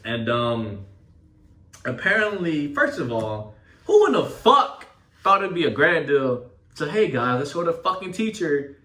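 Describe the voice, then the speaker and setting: A young man tells a story in a loose, animated way, swearing often and leaning on street slang. He sits back from the mic, so his voice comes through distant. The room around him is echoey. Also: on the high side, a little slow. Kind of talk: casual storytelling.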